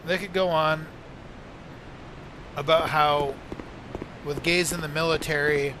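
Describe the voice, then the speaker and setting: A man's voice: on the high side, background noise. A man streaming a game, chatting casually and rambling through crude jokes with lots of fillers. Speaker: gaming streamer. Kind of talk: casual gaming-stream chat.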